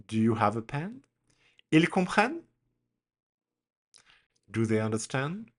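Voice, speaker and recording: A man teaching a recorded grammar lesson, speaking deliberately and modeling example questions with a strong rising intonation for learners to repeat. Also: on the low side, very animated. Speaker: language teacher.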